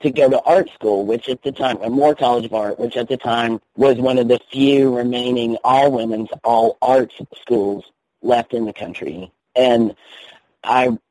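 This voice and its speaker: A man's voice: mid-range voice, steady tone, a little slow, dark tone, no echo, low-quality recording. A man with a North Carolina Southern accent, a minister guest in a radio interview, telling a personal story in a chatty, candid way. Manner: chatty, candid, laughs easily.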